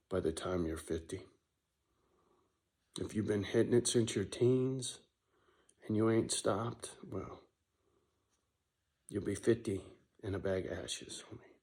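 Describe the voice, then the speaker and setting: A man's voice: deep voice, gravelly, a little mellow. A man talking straight to camera in a casual, emotional monologue, blunt and profane, and he keeps checking in with "right?". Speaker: vlogger running a dog rescue.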